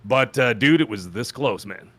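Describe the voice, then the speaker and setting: A man hosting a podcast, telling a long personal story in casual chat and acting out the people he quotes. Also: normal speed. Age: adult with children. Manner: animated, acts out quoted voices with pitch jumps. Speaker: podcast host.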